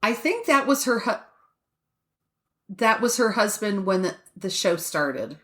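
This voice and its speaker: Lively woman co-host with quick quips. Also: mid-range voice. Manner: quick reactive quips and laughter. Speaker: podcast co-host. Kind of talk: casual podcast chat.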